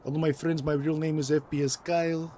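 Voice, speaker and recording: A man's voice: on the high side, little pitch movement, quick pace, warm tone, voice pushed up, lightly acted. A man voicing a cheesy male Russian gun-video host in an exaggerated fake Russian accent, over a noisy game stream. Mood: hammy.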